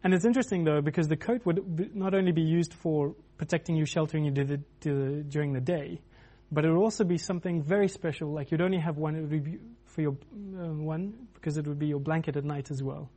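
A man's voice: a little high, fast, few pauses, dark tone. A man preaching a sermon in a loose, conversational way, with many restarts and filler words.

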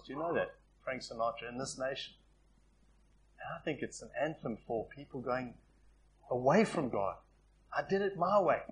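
A male preacher giving a sermon to his congregation, swinging between loud emphatic passages and quiet, soft asides. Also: on the high side.

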